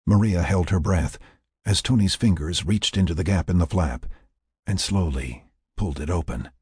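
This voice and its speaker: Deep, husky male storyteller. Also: normal speed, dry recording, studio quality. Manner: expressive, storytelling. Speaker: narrator. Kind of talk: audiobook narration.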